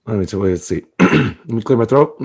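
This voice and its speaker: A man with a deep gravelly voice, co-hosting a casual comedy podcast, swearing freely and riffing with laughs. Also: a little mellow. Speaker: podcast co-host.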